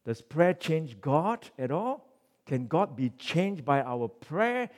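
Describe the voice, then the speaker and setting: Preaching man with loud and soft swings. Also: fairly high pitch, very animated, slow. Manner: reads scripture aloud, swings between loud emphatic passages and quiet asides; asks rhetorical questions of the congregation. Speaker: pastor. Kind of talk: sermon.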